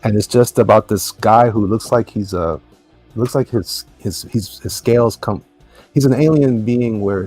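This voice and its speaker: Low husky man rambling casually. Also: darkish tone. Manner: meandering, self-deprecating. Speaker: guest artist. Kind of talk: casual chat while drawing.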